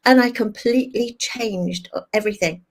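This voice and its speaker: Speaking at normal speed in a fairly high voice, an older woman shares a candid personal story as a guest on a talk show via video call. She animates it with quoted asides voicing her own past thoughts.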